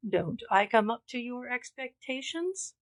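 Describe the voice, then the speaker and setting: A woman's voice: fairly low pitch, animated, a little slow, creaky, full character voice. A woman playing a blustering brutal giant of a man. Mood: truculent. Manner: truculent, blustering.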